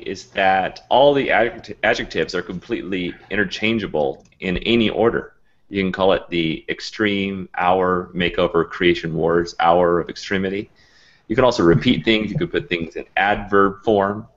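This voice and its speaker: Low-voiced man, rambling host chat. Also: muffled recording. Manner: rambling, chatty, many fillers. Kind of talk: casual video call chat.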